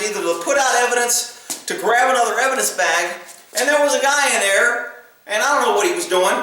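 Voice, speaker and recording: Cop guy swearing his way through a story, bright voice, far off the mic in a big echoey room. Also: very high voice. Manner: profane, animated, laughs through tense moments. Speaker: police officer telling work stories. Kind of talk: casual storytelling monologue.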